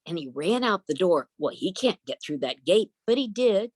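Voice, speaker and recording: Low-voiced woman telling a folk tale. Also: very animated, normal speed, hardly any pauses, darkish tone, no echo. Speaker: storyteller. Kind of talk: oral storytelling. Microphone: video call.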